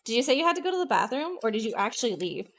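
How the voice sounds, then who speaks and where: Woman, live streamer, casual chat, excitable, swears a lot, slightly high voice, loud bursts and mumbled asides. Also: very fast. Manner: excitable and profane, apologizing and swinging between loud and muttered. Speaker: VTuber streamer.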